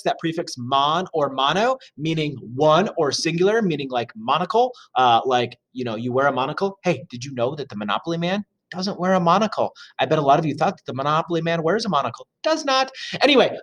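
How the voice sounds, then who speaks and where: A man's voice: on the high side, lively intonation, fast, hardly any pauses. A man reading and explaining a social studies lesson, chatty with jokey asides and frequent fillers. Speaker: teacher.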